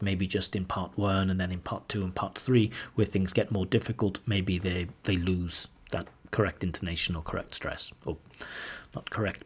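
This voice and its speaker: A man's voice: on the low side, breathy edge. A man teaching a lesson as a language examiner, explaining patiently and saying example sentences aloud. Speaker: IELTS examiner teaching pronunciation.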